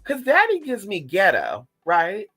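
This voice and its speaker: Animated, profane man telling a story. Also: high-pitched, unhurried, poor audio. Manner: animated, profane, talks straight to viewers. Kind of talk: casual storytime vlog.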